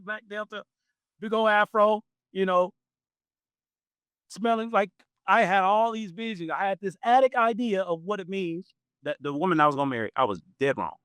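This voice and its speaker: A man in his forties hosting a podcast, telling a personal story in a casual, animated way and laughing often. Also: smooth, dry recording. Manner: animated, acts out quoted voices with big pitch jumps. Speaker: podcast host.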